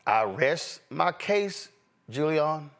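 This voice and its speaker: Fiery high-pitched man hosting. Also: lively intonation, drawn-out words, gravelly, a bit bright. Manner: emphatic, preacher-like cadence. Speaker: show host. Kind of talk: fiery political commentary.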